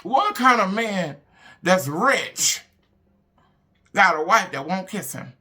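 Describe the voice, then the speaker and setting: Emphatic woman with a bright voice. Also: medium pitch, slow pace. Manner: animated and emphatic, swings between loud bursts and hushed asides. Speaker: online show host. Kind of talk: casual motivational talk to viewers.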